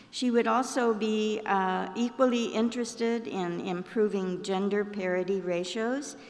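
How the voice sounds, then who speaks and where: A woman presenter reading announcements from a script in a steady manner. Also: on the low side. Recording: reverberant hall.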